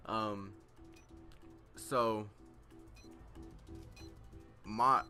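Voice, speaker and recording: A man's voice: lowish voice, steady tone, very slow, pushed and bright, soft background music. A teenage boy telling a rambling story in casual chat over gameplay, full of fillers and self-deprecation. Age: teens. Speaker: gaming vlogger.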